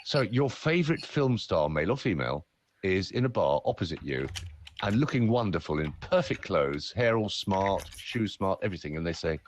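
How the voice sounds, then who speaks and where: A man's voice: sits low, big pitch swings, normal speed. A man who works as a voice-over artist and speaker, talking playfully and theatrically in a podcast conversation.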